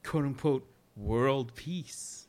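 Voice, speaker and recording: A man hosting a casual podcast chat, talking emphatically and swearing freely, his pitch climbing when he gets worked up. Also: very slow, a little mellow. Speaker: podcast host.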